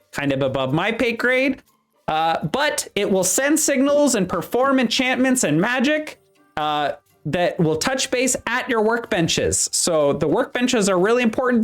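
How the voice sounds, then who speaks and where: A game master voicing a chipper workshop supervisor at Santa's workshop, talking with a Midwestern accent in hurried tour-guide patter. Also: mid-range voice, pitched above the performer's own voice, natural voice. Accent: Midwestern American.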